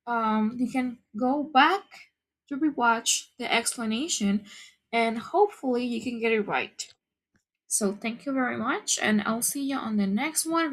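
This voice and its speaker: A high-voiced woman explains an English grammar lesson. She speaks slowly and patiently, repeating each key point so learners can follow. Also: bright, forceful tone. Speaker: English teacher. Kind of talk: slow, careful lesson explanation.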